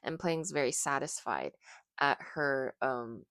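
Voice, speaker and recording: A woman's voice: very deep voice, expressive, takes it slowly, fairly bright tone, dry recording, studio quality. A woman casually retelling a book's plot, peppering it with "like". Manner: chatty, lots of "like". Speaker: book recap vlogger. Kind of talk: casual storytelling recap.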